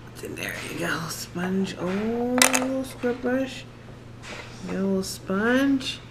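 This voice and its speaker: Man, 30s, daily family vlogger; casual and chatty on a camera mic, steady hum of background noise behind him. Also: sits high, moderate pace. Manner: chatty, upbeat, thinks out loud. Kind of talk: casual vlog talk to camera.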